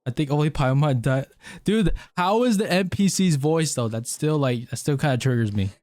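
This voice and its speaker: A man's voice: a little high, animated, moderate pace, darkish tone, no room sound. A man doing casual, joking and profane gameplay commentary as a streamer, with a tired, strained throat. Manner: joking, profane, self-mocking. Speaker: gaming streamer.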